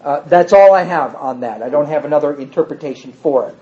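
A man's voice: on the high side, a little fast, muffled recording. A man teaching an informal Bible class, reading scripture aloud with dramatic emphasis between casual comments.

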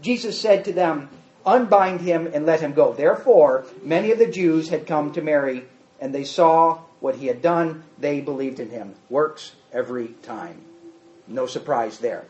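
A man's voice: on the high side, moderate pace, darkish tone. A man teaching a Bible study, reading scripture aloud and explaining it with emphatic repetition and questions to his listeners. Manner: emphatic, repeats points, quizzes listeners. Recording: dull echoey room recording.

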